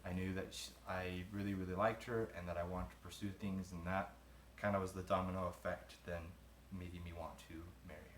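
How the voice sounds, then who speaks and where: A man's voice: deep voice, level tone, fairly quick, a little hiss or hum. A young man, a groom-to-be, answering interview questions in a casual, rambling way, trailing off and laughing between thoughts. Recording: roomy echo.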